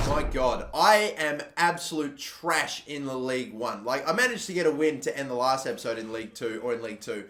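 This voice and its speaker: A young man commentating his own football video game, swearing constantly and bursting into loud, frustrated outbursts. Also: mid-range voice, lively intonation, brisk, hardly any pauses. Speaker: gaming YouTuber. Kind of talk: live gameplay commentary. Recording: echoey room, faint background noise.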